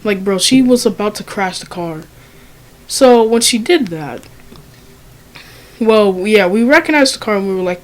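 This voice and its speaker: A woman's voice: mid-range voice, expressive, a little slow, long pauses, rough recording. A young woman telling a story in a casual, profane way, with lots of ums and likes. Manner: casual, profane, many fillers. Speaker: vlogger.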